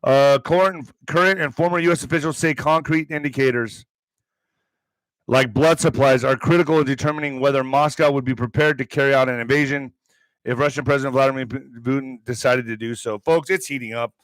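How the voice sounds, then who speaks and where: A man with a steady, medium-pitched, slightly bright voice hosts an online commentary show, reading the news fairly quickly and breaking into profane, sarcastic asides. There's no echo, but the recording quality is low.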